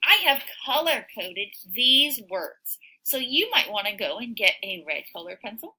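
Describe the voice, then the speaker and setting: A woman teaching a phonics lesson to young children, sounding out words slowly and cheering her listeners on. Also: fairly high pitch, husky, low-quality recording. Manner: slow, sounds out words, animated encouraging teacher voice.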